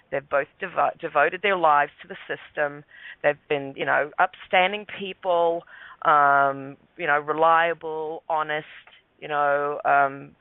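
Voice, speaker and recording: Man, higher voice, rambling radio-guest story over a dry phone line. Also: vocal fry, clear, resonant tone, no echo. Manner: rambling, many fillers and restarts. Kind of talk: casual storytelling.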